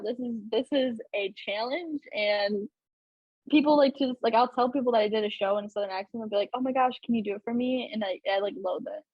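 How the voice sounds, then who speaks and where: A woman's voice: a little high, dry recording, highs cut off. A young woman hosting a podcast in casual chat, talking chattily with many fillers and laughs. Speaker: podcast host.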